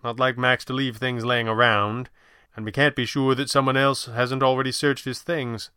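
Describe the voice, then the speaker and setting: A man reading an audiobook voices a polite, composed wealthy young gentleman who speaks in a courteous, measured, formal way. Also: mid-range voice, little pitch movement, smooth, no room sound, clean studio sound, natural voice. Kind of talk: audiobook narration.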